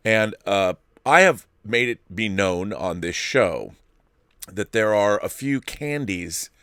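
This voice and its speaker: A man's voice: lowish voice, a bit bright, no room sound, studio quality. A middle-aged man hosting his own livestream show, chatting casually with playful, grandiose asides and rambling tangents. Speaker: show host. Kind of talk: casual solo livestream chat.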